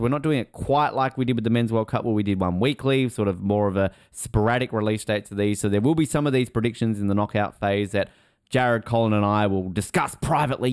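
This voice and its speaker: A man's voice: on the low side, clean tone, dry recording, studio quality. A man hosting a casual podcast chat, joking and teasing as he reads out fun facts. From Australia. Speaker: podcast host.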